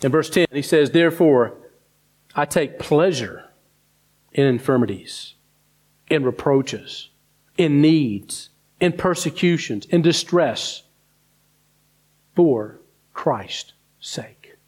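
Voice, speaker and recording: Man, sermon, fairly high voice, swings between quick high complaining and slow low scripture reading. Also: animated, a little mellow. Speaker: preacher.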